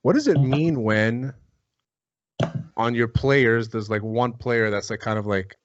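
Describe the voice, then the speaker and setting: A man's voice: mid-range voice, measured pace, dry recording. A man hosting a live fantasy draft on a group call, joking around with crude banter. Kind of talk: casual group chat. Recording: dull lo-fi call audio.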